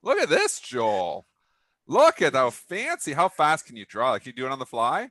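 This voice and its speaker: A man co-hosting a pre-market stock show, chatting casually with animated, joking banter. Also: mid-range voice, moderate pace, dry recording.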